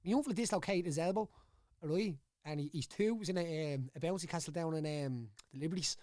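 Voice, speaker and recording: Dublin man, guest, higher-voiced fast talker, repeats himself, dry studio sound. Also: dark tone, no room sound. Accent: Dublin Irish. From Ireland. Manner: rambling, repeats words, keeps saying "you know what I mean". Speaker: podcast guest, former fighter. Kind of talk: casual chat.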